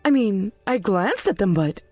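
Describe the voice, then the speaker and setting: A woman's voice: medium pitch, lively intonation, a little slow, a little mellow, no echo, soft background music. A woman voicing an indignant middle-aged mother who refuses blame for her son's debt. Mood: alarmed. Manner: indignant, defensive.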